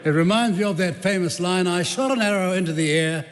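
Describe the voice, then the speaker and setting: High-voiced New man, sarcastic parliamentary debate speech, mocking opponents, echoey chamber with a long reverb tail. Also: fairly quick. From New Zealand. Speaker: government minister.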